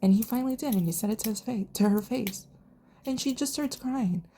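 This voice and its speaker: A woman's voice: on the high side, a little fast, slight background noise. A young woman casually recapping a TV show in a chatty, profane way, acting out what the characters said. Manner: chatty, profane, animated retelling with quoted voices. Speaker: TV reviewer.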